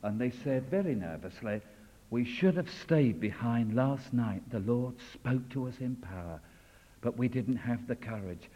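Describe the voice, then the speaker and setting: A man preaching a sermon with fervent delivery, swinging from loud declarations to hushed, intimate lines. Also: medium pitch, lively intonation, unhurried. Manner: fervent, rising and falling dramatically. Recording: dull sound in a long reverberant hall.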